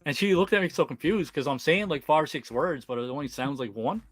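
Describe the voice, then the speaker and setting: This is a man in his thirties with a strong Newfoundland accent, hosting a laid-back livestream chat. He talks quickly and packs in local slang, with a lot of laughter between his lines. His bright, forward voice sits close to the mic in a dry space. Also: on the high side, lively intonation, dry recording, faint music behind. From Newfoundland, Canada. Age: 30s. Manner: fast-talking, slangy, laughs often. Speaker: livestream host.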